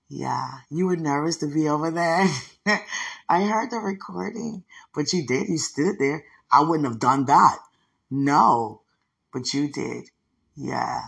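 A speaker leaving a rambling, affectionate voice message, gushing with warmth and thanking God along the way. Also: medium pitch, slow, creaky, husky. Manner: effusive, rambling, affectionate, often devout.

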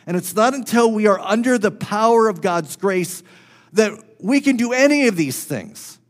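A male pastor preaching a sermon through a personal story, swinging between loud and hushed and repeating phrases for emphasis. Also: sits high, animated, normal speed.

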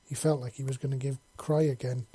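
Guy reading fan fiction out loud, dark husky voice, lots of little slips. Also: medium pitch, little pitch movement, brisk, dry recording. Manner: casual, with frequent slips and restarts. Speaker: narrator.

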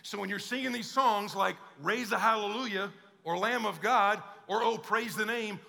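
A man's voice: sits high, moderate pace, gravelly, sharp tone. A male pastor preaching a conversational sermon and acting out quoted voices. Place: church auditorium. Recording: long hall reverb.

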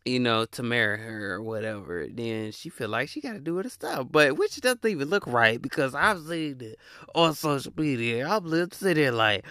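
A man ranting in a blunt, animated, slang-heavy monologue as podcast host, laughing often. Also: medium pitch, normal speed, dry recording, studio quality.

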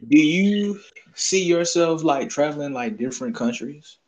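Laid-back Southern man, lively pitch. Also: unhurried. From Southern United States. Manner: laid-back slangy banter, laughs often. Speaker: podcast host. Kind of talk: casual chat.

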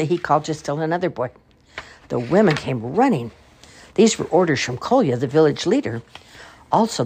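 Older woman, storybook reading, lively, expressive, low husky voice. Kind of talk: reading a children's book aloud.

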